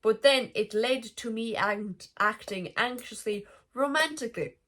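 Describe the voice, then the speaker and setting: A woman's voice: on the high side, a little slow, fairly bright tone. A young woman vlogging a frank, emotional confessional monologue, swearing freely as she talks.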